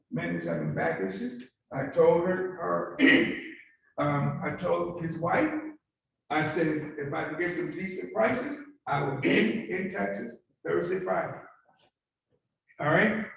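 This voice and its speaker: A man's voice: on the high side, animated, a little slow, gravelly, fairly bright tone, slight background noise. A male pastor preaching a call-and-response sermon, coaxing the congregation to repeat his words after him. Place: church sanctuary. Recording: very echoey church hall from far off.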